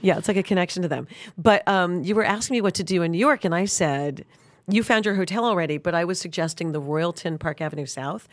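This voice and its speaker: A woman's voice: fairly low pitch, fast, dry recording, studio quality. A woman co-hosting a casual podcast chat, teasing her friend and laughing a lot. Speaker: podcast co-host.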